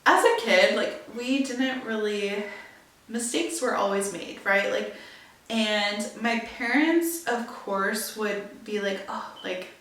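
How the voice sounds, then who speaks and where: A woman's voice: mid-range voice, slow, a bit bright. A young woman hosting a podcast, chatting casually and filling her talk with "like" and "right?". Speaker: podcast host. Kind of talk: casual solo chat. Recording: very echoey room, far from mic.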